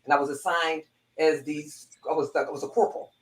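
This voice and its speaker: A woman's voice: low voice, fairly even intonation, brisk, reverberant, rough recording. A woman, a former police corporal, telling a heartfelt personal story with lots of restarts and repeats.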